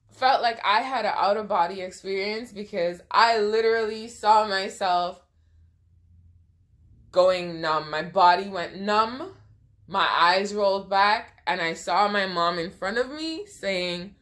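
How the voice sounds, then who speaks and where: A woman's voice: medium pitch, lively intonation, a little slow, fairly bright tone. A young woman telling a personal storytime, emotional and close to tears, acting out what people said. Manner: emotional, tearful retelling with quoted dialogue. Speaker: vlogger. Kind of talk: storytime vlog.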